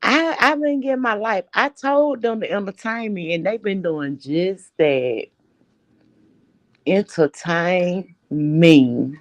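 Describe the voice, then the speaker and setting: A woman in a casual gossip chat, animated, with quick exclamations. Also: fairly high pitch.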